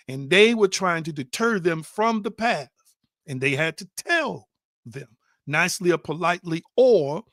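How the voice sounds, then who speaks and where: A man giving a spiritual teaching with an emphatic, insistent delivery, stressing points by repeating himself. His voice sits a little high for a man. The sound is dry and close, with no room around it. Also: no room sound. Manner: addresses listeners as family.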